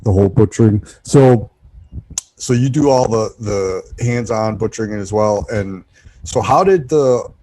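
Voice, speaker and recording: A man hosting a podcast, asking questions in a relaxed, curious way. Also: lowish voice, a little slow, a little hiss or hum, rough recording. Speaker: podcast host. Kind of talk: casual interview.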